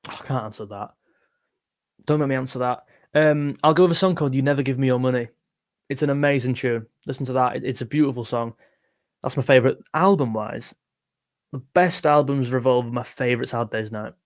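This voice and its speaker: Young man, rambling livestream chat, tired voice, mid-pitched. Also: a little fast. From England. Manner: rambling, chatty, self-interrupting. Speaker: music livestream host. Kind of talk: casual livestream chat reading comments.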